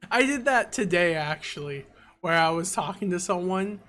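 A man's voice: high-pitched, expressive, moderate pace, bright, forceful tone, a little hiss or hum. A man in casual podcast chat, laughing often and retelling comedy scenes with acted quotes. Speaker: podcast co-host.

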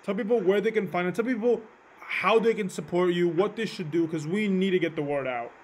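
High-pitched host guy wrapping up the chat, encouraging, faint hiss. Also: brisk. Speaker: interviewer, show host. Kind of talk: casual interview.

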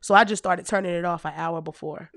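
Profane, animated woman in her thirties. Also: fairly low pitch, fairly quick, no room sound, studio quality. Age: 30s. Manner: profane, animated, laughs often. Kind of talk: casual comedic storytelling.

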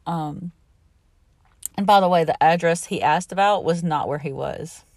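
Middle-aged woman, podcast host, exasperated casual storytelling, slightly low pitch, dry close recording. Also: measured pace, dry recording. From Southern United States. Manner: chatty and exasperated, laughs between remarks.

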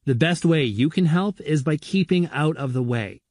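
A man reading an audiobook, voicing a gruff, short-tempered grown man who scolds and answers curtly. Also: on the high side, expressive, normal speed, a little mellow, dry recording, clean studio sound, pitched above the performer's own voice. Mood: scolding. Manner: curt, scolding.

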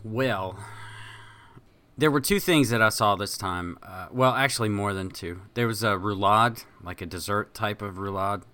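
A man chatting casually on a podcast, relaxed and a bit hesitant. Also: on the low side, moderate pace. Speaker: podcast guest. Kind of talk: casual chat.

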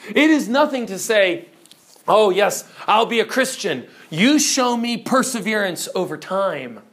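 A man's voice: sits high, a bit bright. A man preaching a teaching sermon who speaks emphatically and keeps putting questions to his listeners.

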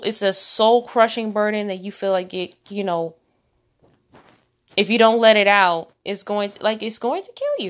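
Earnest woman preaching on a podcast. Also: mid-range voice. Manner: earnest, preachy, rambling with restarts. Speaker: podcast host. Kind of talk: faith-based podcast monologue.

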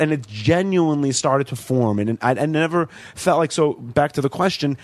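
A man's voice: a little high, moderate pace, no echo. Brash New York comedian man. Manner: brash, earnest, animated storytelling. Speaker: comedian guest. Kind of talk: casual podcast chat.

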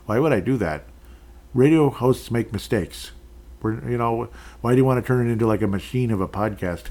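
A man hosting a solo sports podcast, rambling through game recaps, correcting himself and laughing at his own slips, his voice rising high and loud when he rants. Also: lively intonation, fairly quick. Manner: gets loud and high-pitched when ranting. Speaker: podcast host.

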